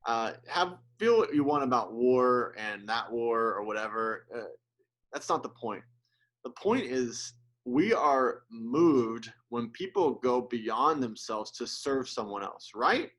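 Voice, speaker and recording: A man's voice: medium pitch, lively intonation, takes it slowly, a bit bright. Earnest, conversational male pastor preaching. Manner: earnest, gets emotional and choked up; conversational with restarts and asides. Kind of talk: sermon.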